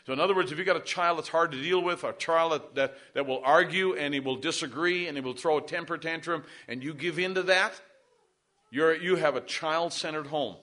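A man's voice: fairly high pitch, a little fast, bright, forceful tone. A middle-aged male pastor preaching a sermon, pressing points with emphasis and calling for amens from the congregation.

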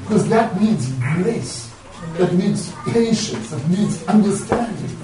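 A man's voice: sits high, lively intonation, takes it slowly, music in the background. A man preaching a sermon, emphatic and repetitive, telling a story, in an echoey church heard from far off.

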